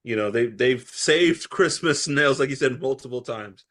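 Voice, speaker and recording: A man co-hosting a podcast in casual chat, animated and laughing, acting out ranting voices. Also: mid-range voice, moderate pace. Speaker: podcast co-host.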